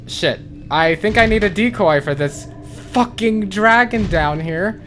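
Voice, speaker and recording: Jumpy man narrating a game, fairly high voice. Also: normal speed, few pauses, background noise. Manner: jumpy, swears, repeats panicked phrases over and over. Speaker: gaming channel host. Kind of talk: blind playthrough commentary.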